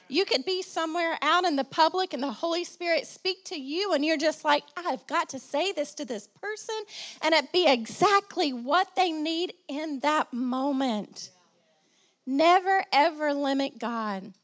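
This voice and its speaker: High-voiced woman pastor preaching. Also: measured pace, fairly bright tone. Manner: preaching with call-and-response, repeating phrases for emphasis. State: slight cough. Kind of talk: sermon.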